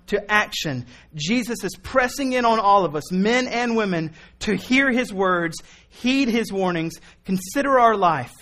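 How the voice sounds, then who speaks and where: A man preaching a sermon in an earnest, pleading way, moving from quiet reasoning to impassioned appeals. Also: high voice. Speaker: pastor.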